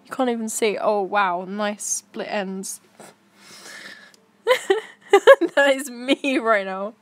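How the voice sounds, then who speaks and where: A woman's voice: medium pitch, takes it slowly, a bit bright, dry recording. A young woman chatting casually to her stream while browsing pictures, giggly and talking to herself.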